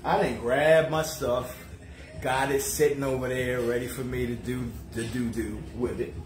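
A man's voice: mid-range voice, steady tone. Chatty man in an echoey kitchen. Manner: joking, chatty, playful, drawn-out asides to viewers. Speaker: cooking show host. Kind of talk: casual livestream cooking chat. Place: home kitchen. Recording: echoey kitchen with music behind.

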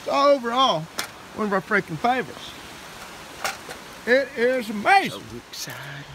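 Bouncy, high-voiced man vlogging outdoors. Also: measured pace, long pauses, noisy background. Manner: excited, playful, sing-song. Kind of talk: casual trail vlog chat. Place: outdoors by a creek.

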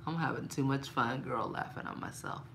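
A woman talking casually and playfully to her viewers in a shopping haul vlog, laughing often and getting animated when she complains. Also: fairly quick, gravelly, a little hiss or hum. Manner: playful, laughs a lot, talks straight to viewers as "girl"; animated, rises high when mock-angry. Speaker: vlogger showing a shopping haul.

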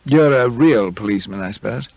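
A combative, hot-headed drunken writer, as the reader puts him on, blustering and indignant, pitched a little higher and louder than the narration. The gravelly, husky voice stays in a close, dry audiobook recording. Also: male voice, lively intonation, brisk, no room sound. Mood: scornful. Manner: blustering, indignant, rising to shouts.

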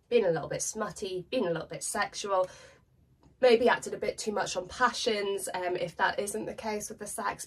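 Husky, gravelly British woman with a cold. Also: lowish voice, recorded from a distance. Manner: chatty and informal, with British slang. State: has a cold. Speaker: tarot reader. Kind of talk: casual tarot card reading to camera.

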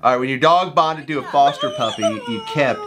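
A man's voice: on the high side, huge pitch swings, a little fast, noisy background. A man hosting a reaction video, casually joking and laughing as he comments on animal clips. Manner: playful, laughs often, jokes about the animals. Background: music playing.

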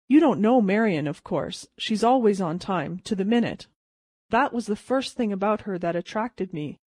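A woman's voice: mid-range voice, animated, normal speed, a little mellow, no echo, close to an everyday voice. A woman voicing a bitter, heartbroken young man in a dry audiobook reading. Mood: hopeless. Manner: wry, mocking deference turning hopeless.

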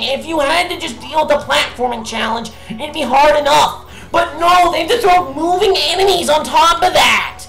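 A woman hosting a let's play, exasperated and swearing as she shouts at a hard level. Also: high-pitched, moderate pace, few pauses. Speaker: gaming channel host. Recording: echoey room with faint game music.

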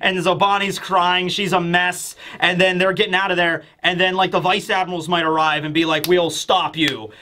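An excitable male reviewer in casual commentary, close on the mic. His voice sits high and bright. He keeps slipping into short acted-out character lines. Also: a little hiss or hum. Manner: excitable, acting out character lines in quick bursts. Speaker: YouTube chapter reviewer.

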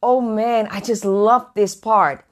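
Woman preacher, live stream host, bubbly, greets viewers, mid pitch. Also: slow pace. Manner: warm, excitable, greets viewers by name with high squeals. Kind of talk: lively live-stream Bible teaching. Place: away from home, indoors.

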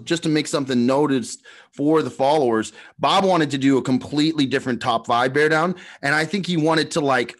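A young man with a slightly high voice, co-hosting a loose, joking podcast. He tells stories with animated energy and acts out what people said along the way. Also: a little fast. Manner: animated storyteller, acts out quotes. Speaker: co-host. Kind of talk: casual podcast banter.

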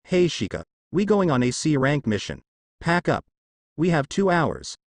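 A man's voice: a little high, big pitch swings, unhurried, dry recording, heavily acted. A man reading the lines of a cocky, eager teenage boy ninja in a fan story.

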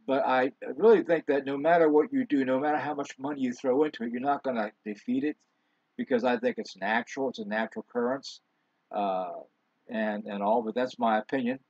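A man's voice: medium pitch, steady tone, fairly quick, a little mellow, dry recording. A man preaching a sermon as pastor in a loose, conversational way, with fillers and asides. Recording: dull, lo-fi sound.

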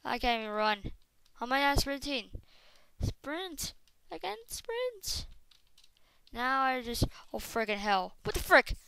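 Excitable woman yelling over a game. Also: sits high, slow, smooth, no room sound. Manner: excitable, bursts into frustrated shouting; talks straight to viewers as "guys". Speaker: gaming commentator. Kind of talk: casual game commentary.

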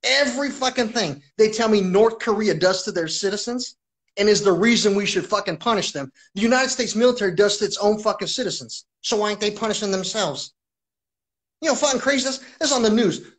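A man with a husky, slightly rough voice holds forth on his own live stream. He talks in an agitated, rambling way, circling back on himself and swearing constantly. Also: high voice, fairly quick, a bit bright, poor audio. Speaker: livestreamer.

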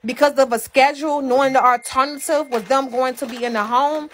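A woman with a high voice talks straight to her live-stream viewers, pouring out hurt in an emphatic, unfiltered way. She swears freely and keeps circling back to the same points as she vents. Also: fairly even intonation, brisk, a little hiss or hum. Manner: emphatic, profane, repeats herself. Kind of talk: emotional venting to a live audience.

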